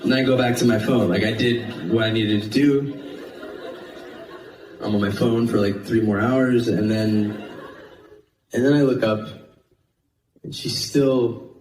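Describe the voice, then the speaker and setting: A man doing stand-up, telling a story in an animated, self-mocking way and acting out the dialogue. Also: fairly low pitch, measured pace, long pauses, roomy sound, far from the mic, a faint crowd, a little hiss or hum, low-quality recording. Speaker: stand-up comedian.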